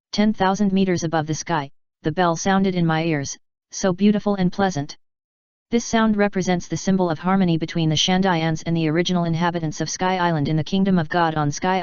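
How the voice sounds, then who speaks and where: A woman narrating a fan fiction audiobook in an even, measured reading. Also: lowish voice, clean tone, no echo, lo-fi sound. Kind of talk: scripted narration.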